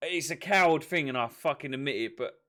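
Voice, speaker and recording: A man's voice: on the high side, a bit bright. A man chatting casually on a live stream, interjecting and defending his side of a story. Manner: interjecting, quick to correct and defend himself. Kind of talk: casual chat.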